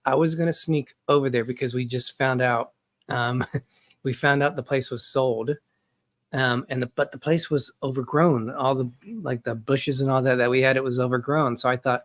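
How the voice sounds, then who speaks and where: A man's voice: medium pitch, fairly even intonation, normal speed. A man co-hosting a casual chat show, telling stories in a rambling way and often restarting mid-sentence. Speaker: co-host.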